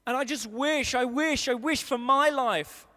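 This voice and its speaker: A man's voice: very high voice, measured pace, bright, forceful tone. A man preaching a sermon in a conversational way, driving points home by repeating them, at a live service in a large hall. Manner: conversational, emphatic repetition.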